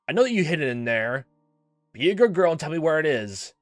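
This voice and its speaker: A man's voice: on the high side, very animated, brisk, no echo. A man voicing a cruel, hot-tempered grown man in a game reading, threatening and snarling, with faint music behind. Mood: menacing.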